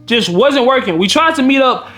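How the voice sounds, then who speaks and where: A man's voice: very high-pitched, lively intonation, moderate pace, bright, forceful tone, soft background music. A man from Milwaukee, a dating coach, telling a story in casual, profane speech and acting out the quotes. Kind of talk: storytelling vlog.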